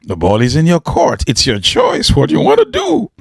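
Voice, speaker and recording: A man voicing a calm, encouraging middle-aged father who speaks in a gentle, measured way. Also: a little high, creaky, husky, no echo, studio quality, heavily acted.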